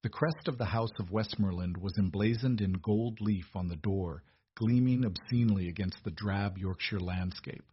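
A man narrating an audiobook in an even, measured storytelling manner. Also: lowish voice, lo-fi sound, a little hiss or hum.

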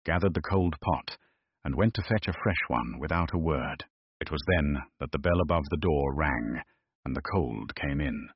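A man narrating a scripted period story in a measured, deliberate way. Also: a bass voice, breathy edge, no room sound. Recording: dull, dry close recording.

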